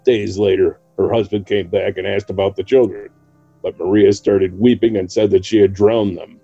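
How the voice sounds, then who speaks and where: Low, dark-voiced man telling a legend. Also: fairly even intonation, moderate pace, vocal fry, slightly rough, no room sound, muffled recording, faint music behind. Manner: reads a legend aloud with light laughs. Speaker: podcast co-host. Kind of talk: casual storytelling narration.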